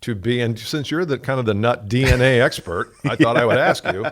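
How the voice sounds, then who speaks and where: A man co-hosting a sales podcast in casual chat, telling stories in a rambling, animated way. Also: medium pitch, fairly quick. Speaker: podcast co-host.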